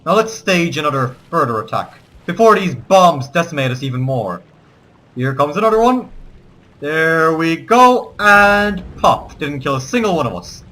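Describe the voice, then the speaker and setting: A let's play gamer delivers gameplay commentary, alternating between theatrical rallying speeches and swearing asides. His voice is medium-pitched and a bit bright.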